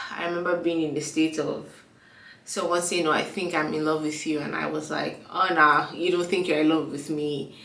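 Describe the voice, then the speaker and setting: Speaking in a low, level voice with vocal fry and a sharp tone at a measured pace, a young woman vlogs casually despite a stuffy nose and a frog in her throat. She fills her chatter with fillers and acted-out dialogue. The room echoes, and she's distant from the mic.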